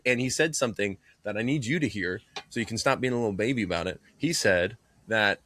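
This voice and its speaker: A man co-hosting a podcast in casual chat, telling animated, joking stories. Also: lowish voice, quick pace. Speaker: podcast co-host. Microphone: earbud in one ear.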